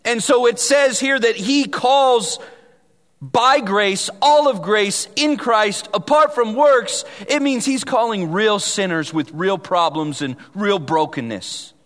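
A man's voice: high voice, slow. Earnest preacher man in a reverberant hall. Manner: earnest preaching, swinging from emphatic to hushed. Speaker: pastor. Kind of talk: sermon.

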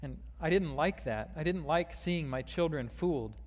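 A man's voice: fairly high pitch, animated, normal speed, long reverb tail. A man preaching a sermon, with frequent fillers and restarts, reading a long quoted passage aloud. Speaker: pastor.

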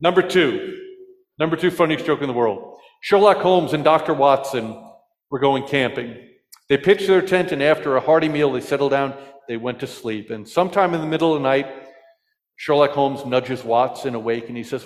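A man preaching a sermon in a church, telling jokes and asking the congregation questions in a lively storytelling manner. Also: mid-range voice, normal speed, big-room sound. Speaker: pastor.

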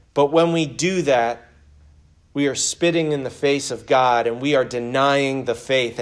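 A man delivers a sermon in a church at a deliberately slow, measured pace. His voice sits a little higher than most men's, and his delivery is earnest, moving between scripture readings and a prayer. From United States. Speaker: pastor.

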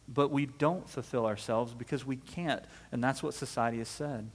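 A man's voice: mid-range voice, steady tone, moderate pace, long reverb tail. A man delivering a sermon as a pastor, conversational and full of rhetorical questions, often checking in with "right?".

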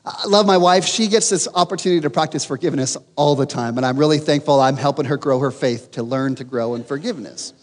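A man preaching a sermon, telling a humorous story with animated, self-mocking delivery. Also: mid-range voice, fast, hardly any pauses, in a large hall. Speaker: pastor.

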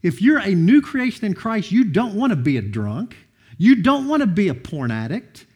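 A middle-aged man preaching with a lively, rising and falling voice. His tone is slightly husky, and he moves easily between earnest teaching and relaxed storytelling from his own life. The pitch sits a little high for a man. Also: moderate pace. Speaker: pastor. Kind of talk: sermon.

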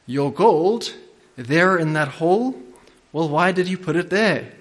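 A man reading aloud the lines of a practical stranger in a fable, asking pointed questions with a raised pitch. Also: animated, a little slow. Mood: puzzled.

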